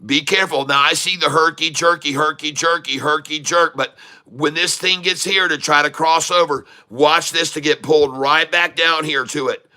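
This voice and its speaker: Fairly high in pitch, his voice is steady and sharp, delivered at a moderate pace. The man live-streams day-trading commentary, joking and laughing frequently as he reads chat, and then repeats urgent warnings for those watching.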